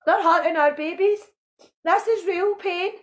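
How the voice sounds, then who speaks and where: A woman with a very high voice rants with raw emotion. She accuses and pleads in turn, her voice strained with feeling. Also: measured pace. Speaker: protesting mother. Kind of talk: impassioned video rant.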